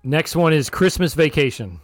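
A man hosting a casual chat, briskly reading out the players' scores. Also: a little high, lively intonation, no room sound. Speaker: podcast host running a game.

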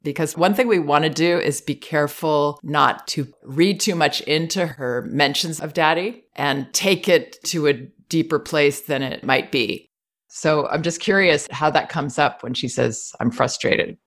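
A woman host giving parenting advice in a calm, measured, reassuring way. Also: sits low. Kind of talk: advice consultation.

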